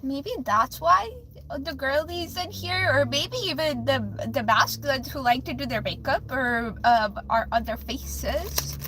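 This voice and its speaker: A woman's voice: sits high, a little slow, poor audio. A young woman hosting a live stream, chatting casually with viewers, giggling often and restarting her sentences with lots of fillers. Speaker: livestream host.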